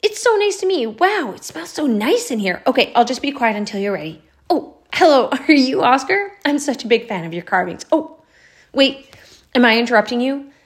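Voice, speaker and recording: A woman reading a storybook, voicing an excitable young woman who rambles and gushes. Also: high voice, normal speed, voice pushed up. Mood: bubbly. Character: bubbly chatty young woman job seeker. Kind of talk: storybook narration.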